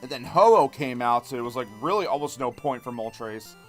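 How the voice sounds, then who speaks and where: A man streaming a video game, rambling in animated commentary and chatting with his viewers. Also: medium pitch, moderate pace, faint music behind. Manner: rambling, animated, talks to chat. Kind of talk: live gameplay commentary.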